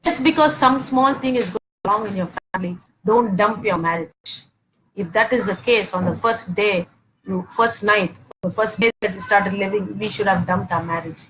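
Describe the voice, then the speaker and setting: A woman's voice: mid-range voice, moderate pace, noisy background. A woman in her forties giving a teaching sermon on Christian marriage, repeating points and saying "okay" often, acting out household arguments. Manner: repeats herself often, peppers talk with "okay", acts out domestic quarrels.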